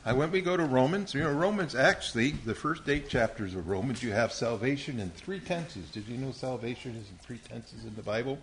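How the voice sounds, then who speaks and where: A man's voice: medium pitch, brisk, few pauses, slight background noise. Patient man leading a Bible lesson, quizzing young listeners one by one. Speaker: Bible teacher.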